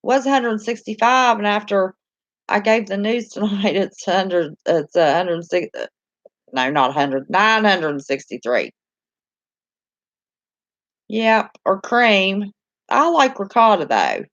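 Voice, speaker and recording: A talkative woman with a Southern American accent chats on a home live stream, answering viewers in a homey, easygoing way. Her voice sits at an ordinary middle pitch. The sound is dry and close but a little dull and muffled. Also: animated, slow, pauses often, fairly bright tone, no echo. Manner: chatty, homey, laughs easily. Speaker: channel host reading live chat. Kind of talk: casual live-stream chat.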